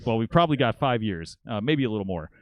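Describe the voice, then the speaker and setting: Animated man telling a rambling story. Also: on the low side, quick pace, dry recording, muffled recording. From Minnesota, US. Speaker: podcast guest. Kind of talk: casual storytelling.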